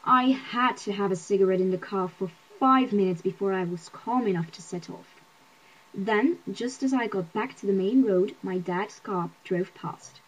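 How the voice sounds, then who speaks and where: A woman reading a novel aloud in wry, lively first-person narration, with a husky voice. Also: medium pitch, moderate pace, low-quality recording. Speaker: audiobook reader.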